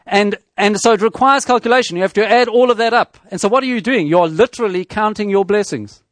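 A man preaching a sermon in a measured teaching tone, with rhetorical questions and frequent restarts. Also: high-pitched, no echo.

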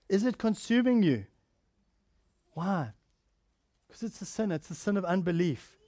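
Guy preaching a sermon, kinda high voice, gets loud then goes real soft, dry close sound. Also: very animated, takes it slowly, pauses often, no room sound. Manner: earnest preaching, rising to emphatic then dropping soft and quiet.

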